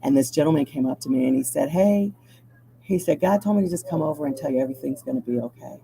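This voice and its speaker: Kobieta o niskim, chropawym głosie. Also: female voice, sits low, fast, gravelly, breathy edge, poor audio. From Chicago. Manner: animated storyteller, acts out quoted voices. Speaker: TV news anchor, guest. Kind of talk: storytelling interview.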